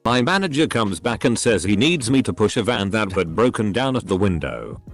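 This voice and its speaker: A man narrating read-out stories in an even, matter-of-fact way. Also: lowish voice, fairly quick, faint music behind. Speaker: narrator reading online posts. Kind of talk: scripted narration.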